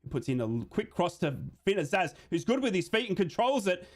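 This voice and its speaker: A man's voice: sits high, expressive, fairly quick. A man hosting a live football watchalong, giving running play-by-play and reading out viewer comments. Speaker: host of a live match watchalong stream.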